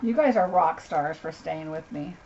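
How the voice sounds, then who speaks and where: Speaking at normal speed with a low-pitched voice, a female craft demonstrator gushes over supplies during a live unboxing chat. She is chatty and calls viewers by name; the audio is slightly dull lo-fi with faint noise.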